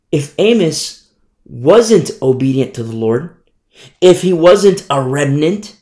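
A male preacher giving an animated sermon, acting out scenes as he goes. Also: on the high side.

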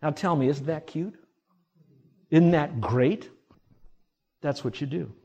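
A middle-aged male pastor preaching a sermon, swinging from loud emphasis to hushed asides. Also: on the high side, slow pace, breathy edge, dull audio.

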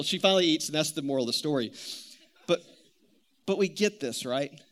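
A man in his thirties preaching a sermon, telling stories in an animated, conversational way. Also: a little high, quick pace. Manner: animated storytelling, conversational with many "like"s. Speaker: pastor.

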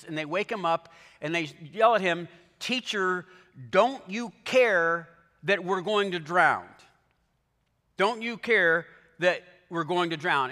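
A man delivers a sermon from a church stage, his bright, forceful voice ringing out in a long hall reverb. He speaks slowly and deliberately, and his voice sits a little high for a man. He acts out quoted lines with dramatic emphasis. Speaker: pastor.

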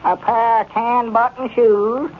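An actor playing a worried, simple-hearted country storekeeper with a rural Arkansas accent, talking in a halting, fretful drawl. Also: male voice, very high-pitched, level tone. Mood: on the phone. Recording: muffled 1930s radio broadcast with faint hiss.

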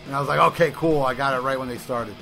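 Male podcast co-host, bright tone, rambling casual storyteller. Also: mid-range voice, fast, creaky, soft background music. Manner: rambling anecdotes with restarts and profanity.

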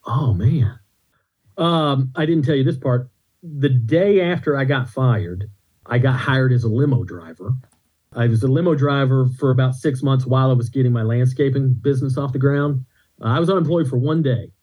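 Man telling rambling stories, husky voice. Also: mid-range voice, normal speed, a little mellow, rough recording. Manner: rambling anecdotes with restarts and laughs. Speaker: podcast guest, comedian. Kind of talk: casual storytelling chat.

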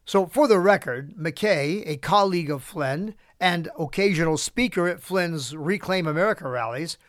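Middle-aged man, fairly high voice, podcast host, opinion monologue, chuckling asides. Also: no room sound, studio quality. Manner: reads prepared remarks with asides and chuckles.

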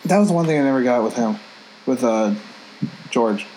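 A man and coworker in casual chat, chiming in with quick, wry remarks. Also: medium pitch, expressive, warm tone, slight background noise, low-quality recording.

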